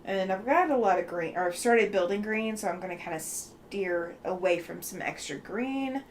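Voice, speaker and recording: A woman hosting a relaxed quilting live stream, chatting with viewers and thinking aloud with lots of ums and likes. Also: medium pitch, normal speed, a little hiss or hum. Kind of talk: casual live-stream chat, reading viewer comments.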